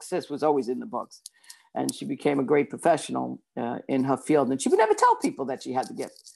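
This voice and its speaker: A woman speaks in a low, husky-toned register as an interview guest. She tells her story quickly and animatedly, jumping into the voices of the people she quotes. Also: a little mellow. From Brooklyn, New York. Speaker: psychic and author guest.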